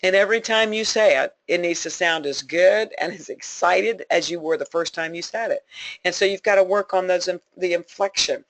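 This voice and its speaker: A woman with a lowish voice speaks at a normal pace with no echo. Leading a sales team on a conference call, she gives a folksy, emphatic pep talk, repeating her points for emphasis and laughing often.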